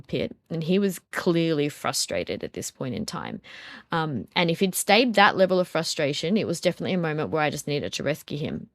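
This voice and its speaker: A woman's voice: sits low, no room sound, clean studio sound. A woman in her thirties, a mother of a toddler, talking through parenting ideas in a thoughtful, step-by-step way with frequent ums. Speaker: podcast co-host and mother of a toddler. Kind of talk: reflective parenting talk.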